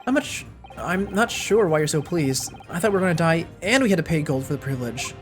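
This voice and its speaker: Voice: medium pitch, expressive, quick pace, soft background music, close to an everyday voice. Streamer reading a nervous young lawyer. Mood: hesitant.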